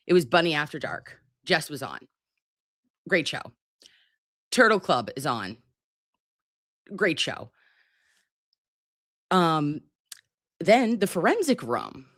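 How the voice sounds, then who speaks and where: A woman with a lowish voice that swoops up and down as she chats on a live stream. She teases her viewers and swears freely. The sound is close and dry. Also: no echo. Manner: profane, playful, teasing; animated, swooping delivery. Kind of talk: casual live-stream commentary.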